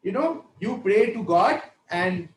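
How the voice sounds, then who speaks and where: Gentle comforting mother, as a man quotes her. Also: sits high, expressive, measured pace, echoey room, slight background noise, low-quality recording. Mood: soothing.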